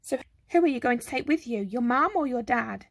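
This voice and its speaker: A woman's voice: a little high, expressive, fairly quick, vocal fry, no echo, studio quality. A woman voicing a jovial, barrel-chested billionaire man who teases the boys.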